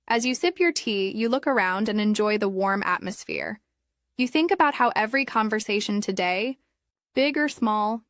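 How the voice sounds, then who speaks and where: Woman, scripted narration, English lesson, calm, clear, mid-pitched, dry sound. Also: no echo.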